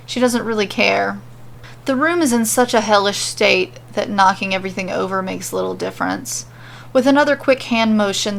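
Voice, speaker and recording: A woman podcaster reading fan fiction aloud in a steady, lightly wry narration. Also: mid-range voice, gravelly, a little hiss or hum. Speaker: podcast storyteller.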